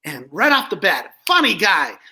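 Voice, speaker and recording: Animated man telling showbiz stories. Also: high-pitched, moderate pace, slightly rough. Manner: animated storyteller, chuckling at old jokes. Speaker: ventriloquist guest. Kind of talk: casual interview chat.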